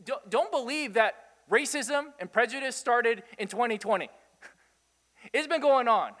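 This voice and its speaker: A man preaching a sermon, animated, asking his listeners rhetorical questions and chuckling often. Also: extremely high pitch, a little slow, big-room sound. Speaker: pastor.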